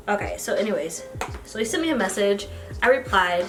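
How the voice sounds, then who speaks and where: A young American woman, a beauty vlogger, telling a story while doing her makeup. She talks casually and animatedly, with bursts of excited squealing. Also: mid-range voice, fairly quick, faint music behind. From United States. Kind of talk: get-ready-with-me storytime.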